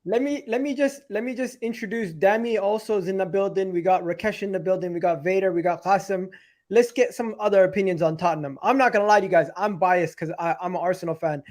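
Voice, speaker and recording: A man hosting a football panel debate, briskly steering the discussion and inviting other opinions. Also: high-pitched, a little mellow. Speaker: host of a football talk show.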